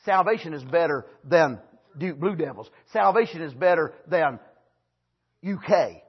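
A man preaching a fervent sermon, swinging between loud shouted lines and low asides, with frequent amens. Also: expressive, measured pace, husky, dull audio.

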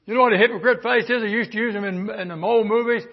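An older man from the American South preaching a sermon, moving from quiet storytelling to fervent shouting. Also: high-pitched, steady tone, quick pace, highs cut off.

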